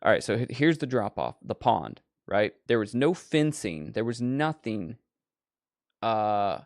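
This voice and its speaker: A man's voice: fairly low pitch, measured pace, no echo, studio quality. Rambling, foul-mouthed male horror show host. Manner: profane, digressive, animated storyteller. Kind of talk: casual rambling chat.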